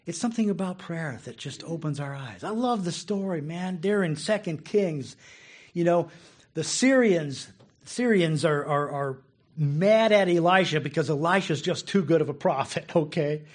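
A man's voice: on the high side, moderate pace. A man preaching a casual, conversational sermon who laughs often and repeats words as he goes. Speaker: pastor.

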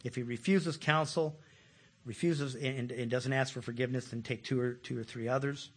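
Husky preacher, lively bursts. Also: male voice, medium pitch, normal speed. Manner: animated, repeats words, chuckles, sudden loud bursts. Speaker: pastor. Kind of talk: sermon.

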